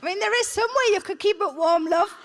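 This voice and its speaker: A woman's voice: extremely high pitch, fast. A woman stand-up comedian, bantering bluntly with a theatre audience on a handheld mic. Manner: blunt, sweary, chatty crowd work. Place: large theatre on stage. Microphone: handheld stage microphone. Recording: loud crowd noise from live show. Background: audience laughter.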